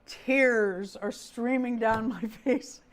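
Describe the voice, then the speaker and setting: A woman's voice: on the high side, takes it slowly. A middle-aged woman hosting a casual livestream, talking through a story with plenty of feeling. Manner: chatty storyteller, talks with feeling. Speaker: host of a doll livestream.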